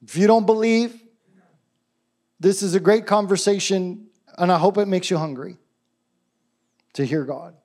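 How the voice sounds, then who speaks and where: A man preaching a sermon in a casual, enthusiastic way, with quick asides and restarts. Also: high-pitched, a little mellow. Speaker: pastor.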